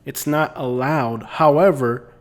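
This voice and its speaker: A man's voice: medium pitch, slow. A man hosting a comic advice video, talking in a casual, wry, rambling way. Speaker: host.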